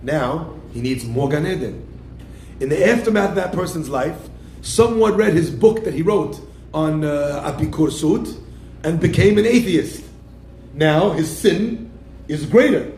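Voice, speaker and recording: A lively man preaches as a rabbi, voice sitting high for a man and slipping into quoted characters as he goes. The room rings with echo, with a faint hum of ambience underneath. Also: a little slow. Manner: animated, acts out the people he quotes; keeps addressing listeners as "my friends". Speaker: rabbi giving a class. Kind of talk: sermon. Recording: echoey room.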